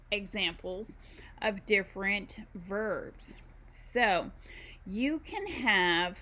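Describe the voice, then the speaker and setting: A woman talks through a recorded university lecture at a slow, deliberate pace. She stops often, fills gaps with ums, and explains each point one step at a time as she moves through her material. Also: mid-range voice, fairly bright tone. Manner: unhurried, explains with many ums and pauses. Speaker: university instructor. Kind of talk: recorded screen-share lecture.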